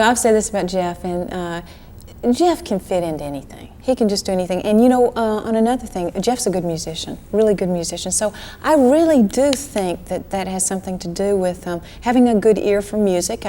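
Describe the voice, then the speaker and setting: A woman in her thirties chats as a guest in an old TV interview. She talks animatedly, tumbling over her words and restarting sentences. Her voice sits at a middling pitch. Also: a little hiss or hum. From Georgia, US. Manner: animated, chatty, many restarts and laughs. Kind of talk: casual interview chat. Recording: archive 1980s TV interview.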